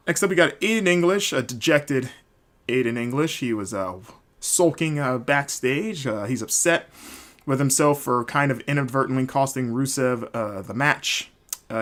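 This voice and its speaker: A man hosting his own recap podcast talks in a loose, rambling way, filling his sentences with "like" and "you know." His pitch sits in the middle range for a man. He sounds relaxed and unscripted. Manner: rambling, filler-heavy casual talk. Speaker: podcast host. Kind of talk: solo wrestling recap podcast.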